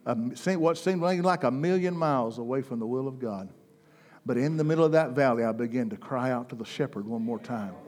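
A man preaching a sermon, impassioned, swinging between loud, soaring declarations and hushed, intense passages. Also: mid-range voice, a little fast. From United States.

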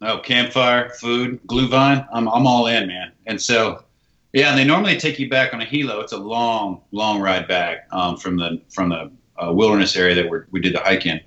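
A low-pitched man from the United States tells a story, casual and animated, and acts out the dialogue in it. His voice has a bright, forceful edge. The sound is roomy and a little dull. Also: normal speed. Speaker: guest, army veteran.

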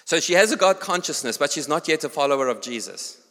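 South african guy preaching, bright forceful voice, kinda high, big echoey hall. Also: quick pace. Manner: storytelling, animated, addresses congregation directly. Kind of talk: sermon with personal story. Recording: long hall reverb.

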